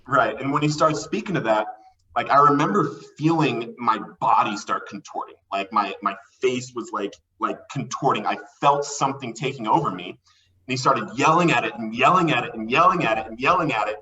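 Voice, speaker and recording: A man recounts his story with excitable energy, slipping into the voices of people he quotes. His voice is bright and forward, and he sits a little back from the mic. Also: medium pitch, moderate pace, far from the mic, highs cut off. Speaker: podcast guest. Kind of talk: animated storytelling.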